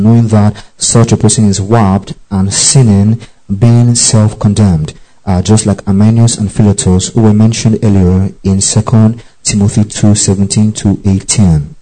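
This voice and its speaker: A man's voice: fairly low pitch, mellow, poor audio. A man teaching from the Bible as a preacher, often checking in with his listeners and repeating key phrases.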